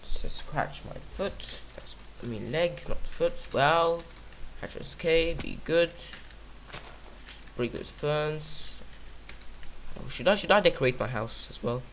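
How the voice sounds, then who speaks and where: A man's voice: on the high side, animated, slow, a bit bright, a little hiss or hum. A man giving casual let's-play commentary on his own game, rambling and silly, talking to himself and singing nonsense syllables. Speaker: gaming YouTuber.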